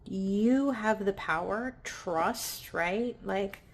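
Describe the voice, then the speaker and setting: Soft-spoken gravelly woman reading tarot. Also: medium pitch, drawn-out words. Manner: gentle, affirming, often asks "right?". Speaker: tarot reader. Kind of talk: pick-a-pile tarot reading.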